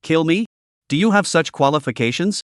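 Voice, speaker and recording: A man reading the lines of a calm, mocking young male fighter in a story recap, close to his own narrating voice. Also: on the high side, normal speed, dry recording, lightly acted. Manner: faint, sneering.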